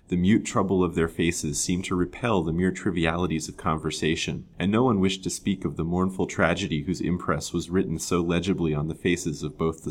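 A man with a very deep, low voice narrating an old-fashioned novel chapter by chapter. His reading is measured and expressive, steady through long sentences. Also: breathy edge. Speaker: storyteller. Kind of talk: storybook reading.

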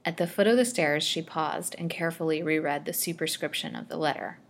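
A woman storyteller narrating an old serial novel chapter in a steady, measured reading. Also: sits low, gravelly.

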